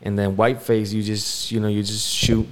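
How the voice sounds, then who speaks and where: A man co-hosting a podcast, telling a story in a relaxed, rambling way with many fillers. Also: fairly low pitch, moderate pace. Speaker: podcast co-host. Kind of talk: casual storytelling chat.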